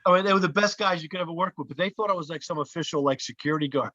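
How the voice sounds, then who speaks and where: A man, a comedian and actor, telling lively anecdotes in casual chat and acting out the voices of people he quotes. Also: a little high, very fast, dull audio. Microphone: podcast mic.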